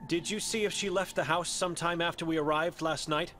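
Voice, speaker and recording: A man doing a polite game monk, soft spooky music under him, asks careful questions. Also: fairly high pitch, fairly even intonation, a little fast, natural voice. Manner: polite, gently probing questions. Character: earnest male monk investigator. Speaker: game character. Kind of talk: video game voice acting.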